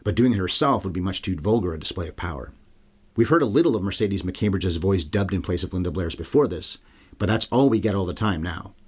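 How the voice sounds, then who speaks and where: A man's voice: low-pitched, lively intonation, brisk, slightly rough. A man hosting a solo film review podcast, talking in a casual, irreverent way with wry, sarcastic asides. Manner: profane, irreverent. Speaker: podcast host.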